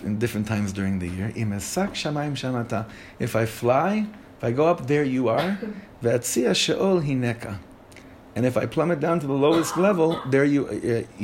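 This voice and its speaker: Animated man teaching a Torah class. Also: medium pitch, slight background noise. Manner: animated, asks the group questions, many restarts.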